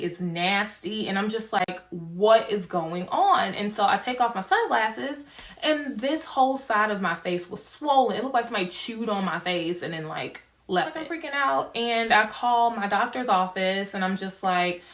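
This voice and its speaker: A woman's voice: mid-range voice, moderate pace, fairly bright tone. A young woman vlogging casually to camera, a chatty storyteller who acts out dialogue and laughs often.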